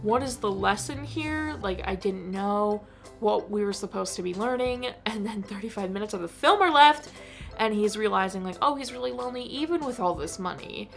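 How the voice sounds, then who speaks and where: Woman, creaky vlogger voice, rambling exasperated film rant, faint music behind. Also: medium pitch, animated, moderate pace. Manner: rambling, heavy use of "like", exasperated. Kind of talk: casual movie review rant.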